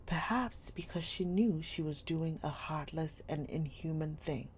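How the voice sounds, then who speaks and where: A woman reading a classic novel aloud live, slow and soft, often dropping near a whisper, with a faint hum behind. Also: low-pitched.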